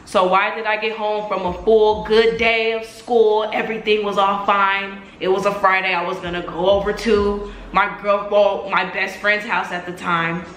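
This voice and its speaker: Young woman, casual storytime vlog, bright tone, animated, acts out voices, echoey room. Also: mid-range voice, moderate pace, hardly any pauses, a little hiss or hum. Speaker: vlogger.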